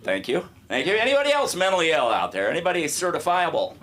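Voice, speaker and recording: A man's voice: a little high, wildly swooping pitch, fast, fairly bright tone. A man doing self-deprecating stand-up on a club stage, quizzing the crowd. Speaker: stand-up comic. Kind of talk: stand-up comedy.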